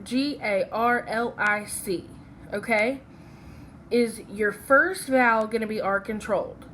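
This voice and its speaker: A woman's voice: mid-range voice, slight background noise. A woman teaching a phonics lesson from slides. She is patient and checks in with "okay?" after each step.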